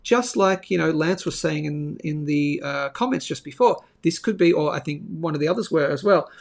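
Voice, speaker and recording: A man's voice: fairly high pitch, moderate pace, vocal fry. A man hosting a live market show, talking through charts casually, thinking aloud, with sudden bursts and asides.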